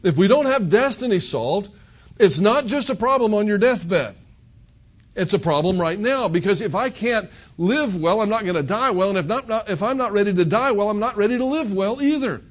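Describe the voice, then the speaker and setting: A man's voice: sits high, expressive, normal speed. A male pastor preaching an expository sermon in a conversational, emphatic way, full of rhetorical questions.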